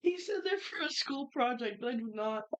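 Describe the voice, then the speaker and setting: A young woman co-hosting a podcast, telling work stories in animated quick bursts. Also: a little high. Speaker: podcast co-host. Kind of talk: casual chat. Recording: muffled lo-fi audio.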